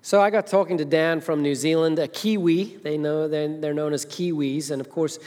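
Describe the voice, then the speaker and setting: A man's voice: a little high, steady tone, normal speed, a little mellow. A middle-aged man from Zimbabwe, a senior minister preaching a sermon in a chatty, storytelling way with filler hesitations. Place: large church hall. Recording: long reverb of a large church hall.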